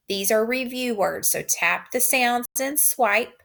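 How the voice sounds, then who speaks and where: Slow, careful woman teacher dictating. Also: a little high, vocal fry, bright, forceful tone. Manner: slow, drawn-out dictation with repeated words. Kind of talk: recorded phonics lesson.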